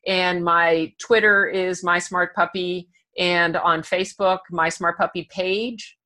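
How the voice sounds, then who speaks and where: Bright-voiced woman dog trainer guest. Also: fairly low pitch, fairly even intonation, takes it slowly. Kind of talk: casual interview chat.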